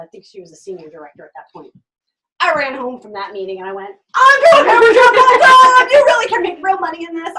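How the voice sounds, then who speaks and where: A middle-aged woman telling her own story in an animated way, acting out what others said and laughing often. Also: mid-range voice, distant mic, a little hiss or hum, low-quality recording. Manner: acts out quoted voices, laughs often, lively. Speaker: direct sales consultant telling her story.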